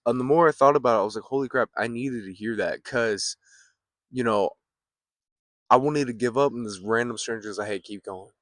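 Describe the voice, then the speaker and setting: A young man vlogging in a laid-back, rambling way, with many fillers and pauses. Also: medium pitch, no room sound, studio quality. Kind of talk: casual vlog talk. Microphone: phone or camera mic, built-in mic.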